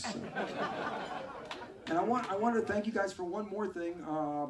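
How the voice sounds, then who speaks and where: A male stand-up comedian telling self-mocking, deadpan one-liners on a club stage. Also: high-pitched, moderate pace, long pauses, background noise. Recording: echoey club, far from mic, crowd.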